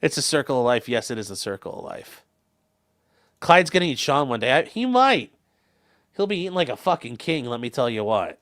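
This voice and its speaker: A man's voice: mid-range voice, sing-song, brisk, a bit bright. A man from Ohio with a Northern Ohio accent, hosting a casual livestream, reading chat messages and joking loosely with some swearing. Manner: loose and jokey, swearing freely, rambling asides. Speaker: livestream host.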